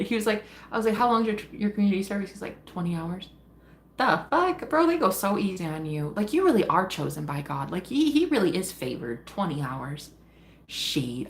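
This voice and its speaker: A woman hosting a tarot live stream and chatting casually with her viewers. She is affectionate and quick to laugh, calls people sweetheart and honey, and swears freely. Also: mid-range voice, a little hiss or hum.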